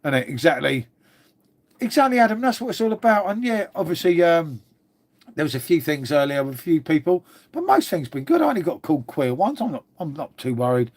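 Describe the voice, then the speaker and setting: A man chats loosely with viewers on a live stream. His voice sits a touch high for a man. He jokes, swears freely and calls everyone mate. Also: sing-song, a little fast. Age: 50s.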